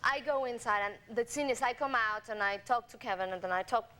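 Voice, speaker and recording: A woman telling animated anecdotes as a talk show guest, laughing often and acting out the voices of people in her stories, on a noisy satellite TV recording. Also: fairly high pitch, fairly quick. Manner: laughing storyteller, acts out quoted voices. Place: TV studio with audience.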